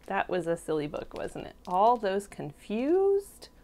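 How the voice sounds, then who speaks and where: Female teacher reading a storybook aloud, lively pitch, slow and expressive. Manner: expressive, slow, questions to the children. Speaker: preschool teacher. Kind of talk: storybook read-aloud for toddlers.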